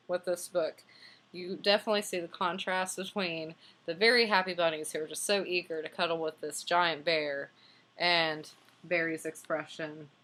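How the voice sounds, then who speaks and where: A woman's voice: lowish voice, sharp tone. A young woman casually reviewing and reading a picture book aloud, enthusiastic and chatty with plenty of fillers.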